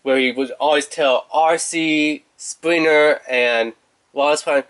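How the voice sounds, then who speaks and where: A man's voice: a little high, steady tone, slow, fairly bright tone, clean tone. Chatty man with a raised voice. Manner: rambling, playful, chatty. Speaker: toy reviewer. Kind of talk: casual unboxing review.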